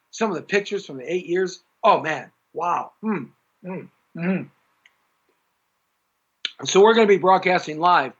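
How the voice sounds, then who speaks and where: A man's voice: sits high, fairly bright tone. A middle-aged man hosting a live-streamed talk show, rambling in a jokey, opinionated way and reading out viewers' comments. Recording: dull lo-fi live stream audio.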